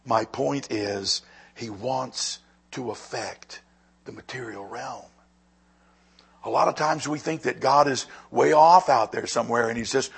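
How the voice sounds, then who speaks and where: A man preaching a sermon with a raspy voice, moving between quiet, slow emphasis and loud, lively passages. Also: medium pitch. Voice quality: husky. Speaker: pastor.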